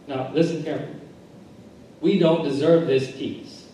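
A male pastor preaches a sermon at normal speed in an earnest, mellow, slightly high voice with a steady tone, repeating phrases and restarting as he builds each point. The recording is echoey and captured from far off in a big, booming church hall, with faint noise underneath.

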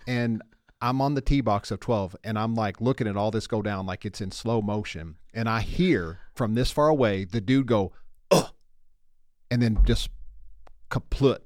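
Animated man telling a story on a podcast. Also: on the low side, moderate pace, no room sound, studio quality. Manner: animated storyteller, acts out voices, laughs often. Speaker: podcast co-host. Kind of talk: casual storytelling chat.

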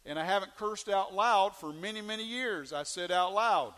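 Male pastor mid-sermon, folksy, asks the room questions; high voice, echoing church hall. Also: normal speed, bright, forceful tone. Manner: folksy storytelling with questions to the congregation.

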